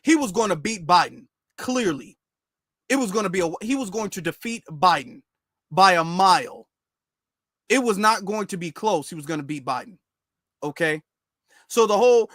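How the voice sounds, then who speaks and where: A man's voice: sits high, animated, moderate pace, fairly bright tone, dry recording, studio quality. A man hosting a livestreamed reaction commentary show, sarcastic and repeating his rhetorical questions.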